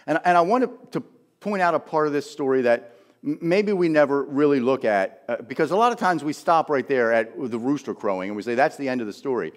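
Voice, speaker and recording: A male pastor preaching, his fairly high voice rising and falling a great deal. He tells the story with emphatic, storytelling energy. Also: animated, brisk. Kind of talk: sermon.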